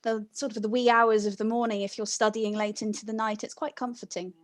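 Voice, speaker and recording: A woman's voice: on the high side, flat delivery, fairly quick, lightly acted. A woman voicing a lanky, nervous young male library assistant who is eager and flustered.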